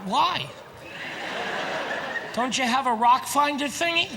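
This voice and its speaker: High-voiced man doing stand-up in a big hall. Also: slow, gravelly, noisy background. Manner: animated, shouting punchlines and acting out characters. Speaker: stand-up comedian. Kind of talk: stand-up comedy routine. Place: large theater stage. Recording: live theater with audience laughter.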